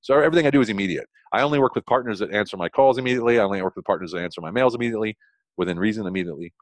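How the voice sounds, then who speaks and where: A middle-aged American man speaks quickly in a fairly low voice, with the dry, close sound of a mic in a quiet space. He tells his stories with eager energy, stumbling over restarts and leaping up in pitch when he wants to stress something. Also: no room sound. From United States. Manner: fast, enthusiastic, frequent restarts, jumps high in pitch for emphasis. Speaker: podcast guest, consultant. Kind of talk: animated storytelling interview.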